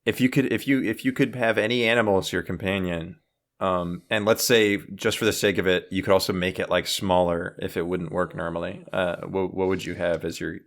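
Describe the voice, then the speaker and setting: A man hosting a casual comedic podcast, animated and profane, often laughing as he tells a story. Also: low-pitched, a little fast. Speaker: podcast host.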